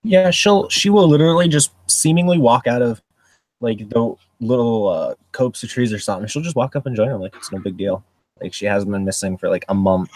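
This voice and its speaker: A man's voice: mid-range voice, brisk, darkish tone, no room sound, low-quality recording. A man playing a tabletop game, describing his character's actions in a playful, loose way. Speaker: player. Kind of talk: casual tabletop game chat.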